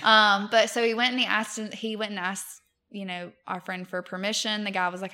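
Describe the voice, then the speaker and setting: A woman's voice: medium pitch, flat delivery, a little fast, bright, forceful tone. A woman, telling stories as a podcast guest, chatty with many fillers and frequent laughs. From Mobile, Alabama, US. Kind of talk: casual chat.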